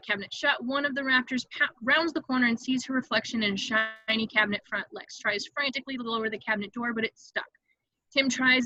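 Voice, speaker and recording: A woman reading stage directions aloud in an amateur online table read, brisk and vivid, with occasional slips she corrects. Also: fairly high pitch, bright, forceful tone, no room sound, lo-fi sound.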